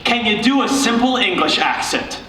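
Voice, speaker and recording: A man's voice: high voice, lively intonation, normal speed. A man playing a harried, exasperated stage director. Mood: weary. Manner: weary, then shouting in exasperation. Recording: echoey hall, distant mic, faint noise.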